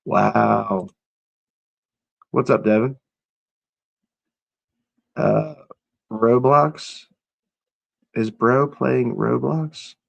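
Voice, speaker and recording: A man's voice: medium pitch, fairly even intonation, very slow, vocal fry, long pauses, husky. A man hosting a casual live stream, reacting to clips and chatting with viewers in an offhand, profane way. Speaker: livestream host.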